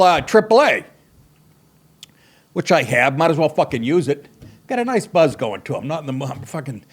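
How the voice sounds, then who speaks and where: A middle-aged man hosting a podcast, telling a rambling comic story full of swearing and self-mockery, with wry asides and bursts of laughter. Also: a little high. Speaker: podcast host. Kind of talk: profane comedic monologue.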